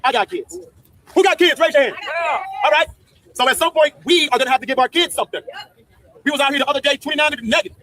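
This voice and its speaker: A man's voice: very high-pitched, rapid-fire, pauses often, pushed and bright. A man speaking outdoors at a street protest, leading the crowd in call and response with rousing, profane talk. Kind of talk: rally speech with call and response.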